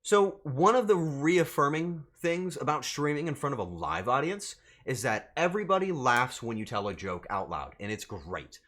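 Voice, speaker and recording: A man's voice: mid-range voice, sing-song, moderate pace, few pauses, fairly bright tone. A male streamer in casual live-stream chat, flustered and swearing as he banters with his chat.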